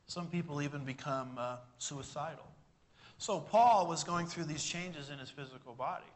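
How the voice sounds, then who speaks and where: A man's voice: fairly high pitch, moderate pace. A man preaching a sermon to a congregation, emphatic and full of rhetorical questions. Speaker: pastor.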